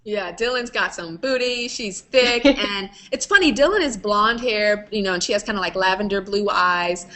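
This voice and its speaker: Playful lady chatting with fans over a video call, laughs a lot, bright tone. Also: mid-range voice, normal speed, hardly any pauses. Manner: lively, playful, laughs often. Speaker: host. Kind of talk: casual chat with fans.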